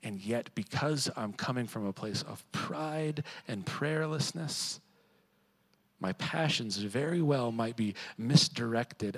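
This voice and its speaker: Guy preaching a sermon, chatty, medium voice, gets loud and fired up at times. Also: mid-range voice, low-quality recording. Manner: conversational preaching, swings from quiet to emphatic. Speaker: pastor.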